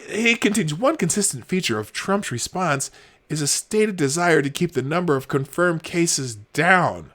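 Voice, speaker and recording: A man's voice: a little high, lively intonation, normal speed. A man hosting a livestream, reading posts aloud and reacting with exasperated, sarcastic commentary. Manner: exasperated, sarcastic, swings between shouting and muttering. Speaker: livestream host.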